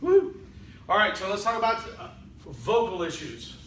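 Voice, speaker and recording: A man teaching a public speaking class in a conversational lecture, often saying "okay" and acting out halting speech full of fillers. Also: high voice, very animated, pushed and bright, reverberant, slight background noise, poor audio. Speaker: college public speaking instructor. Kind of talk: recorded lecture.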